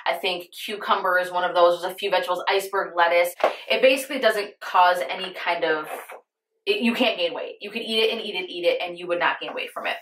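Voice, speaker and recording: A woman's voice: lowish voice, fast talker, noisy background. A young woman beauty vlogger chatting to viewers while getting ready, telling an earnest personal story and calling her audience "you guys". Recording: roomy echoey room.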